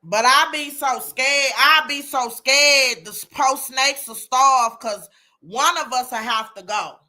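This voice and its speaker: A woman's voice: high voice, slow, pushed and bright. A woman hosting a casual live chat, exclaiming and talking to listeners by name. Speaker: host of a live chat room.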